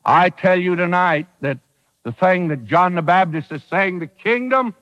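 A man's voice: sits high, normal speed, fairly bright tone, long reverb tail, lo-fi sound. A man preaching a sermon, emphatic, with rhetorical questions and dry humor.

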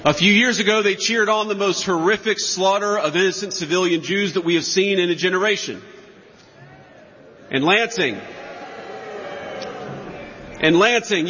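A man's voice: sits high, moderate pace, sharp tone, a little hiss or hum. A man giving a campaign rally speech in a large hall, emphatic and mocking with sarcastic asides. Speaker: political speaker. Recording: lo-fi, long hall reverb.

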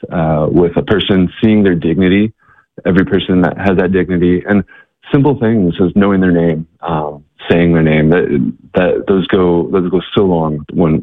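A man's voice: sits low, dry recording. Guy telling a story in an interview, lots of restarts, dry tinny sound. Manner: halting, many restarts and fillers, acts out quotes. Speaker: ministry guest.

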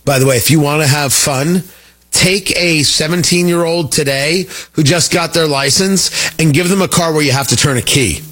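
A man's voice: fairly high pitch, normal speed, fairly bright tone. A middle-aged man hosting a talk radio show, delivering an emphatic, opinionated monologue with joking asides into a studio microphone.

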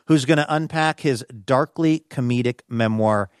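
A male radio show host introducing segments in brisk, friendly patter. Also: mid-range voice, smooth, no room sound. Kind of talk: radio hosting. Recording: radio studio with music bed.

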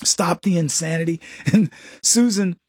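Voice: medium pitch, measured pace, darkish tone, slightly rough, dry recording, studio quality. A commentator giving a sarcastic opinion monologue, mocking people and acting out quotes.

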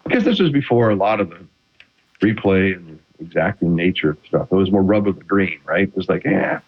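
A man's voice: sits low, a little fast. A middle-aged man, a retired quarterback, chatting as an interview guest and telling stories with many restarts. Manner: animated storytelling with many restarts. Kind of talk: casual interview chat. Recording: dull lo-fi audio.

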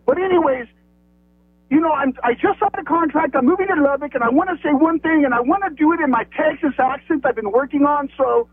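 A man's voice: very high-pitched, a little fast, dry recording. A man calling in to a radio show, meandering and full of fillers. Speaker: caller. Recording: tinny dry phone line.

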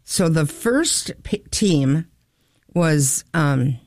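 A woman's voice: low voice, expressive, extremely slow, darkish tone, no room sound, studio quality. A woman co-hosting a casual radio-style chat, telling rambling stories. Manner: rambling, chatty storyteller. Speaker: co-host.

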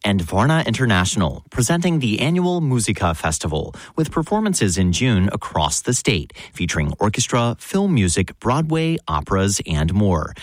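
A man reading a promotional sponsor message for radio in a lively way. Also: on the low side, no room sound, studio quality. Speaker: radio announcer. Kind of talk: sponsor announcement.

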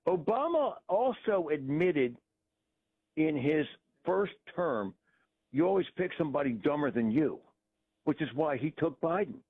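A man's voice: on the high side, sing-song, a little slow. A man calling in to a talk radio show, rambling through his opinions with hesitant restarts. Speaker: caller. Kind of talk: phone-in call. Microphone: telephone. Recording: tinny phone line.

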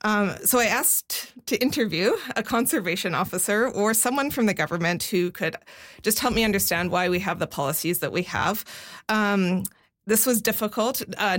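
A woman's voice: mid-range voice, a bit bright. A woman giving a conversational radio news report, explaining things step by step with frequent fillers.

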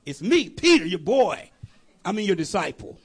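A man's voice: high-pitched, very animated, normal speed, slightly rough, heavily acted. A man doing an eager, boastful disciple. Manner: chatty, protesting, stammering. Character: eager boastful male disciple, loyal then scared.

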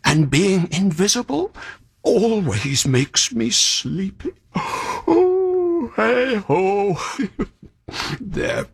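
An actor playing a kindly, fussy old magician in a radio drama, chatty and musing, sighing and yawning, with a breathy, husky voice. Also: male voice, high voice, sing-song, slow, heavily acted. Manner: chatty and musing, with sighs and yawns.

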